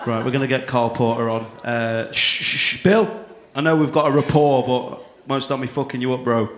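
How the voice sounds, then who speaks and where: A man with a Mancunian accent hosting a live comedy night, blunt and sweary, winding up to a shouted introduction. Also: mid-range voice, moderate pace. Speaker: comedy club MC. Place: comedy club stage. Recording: echoey club room.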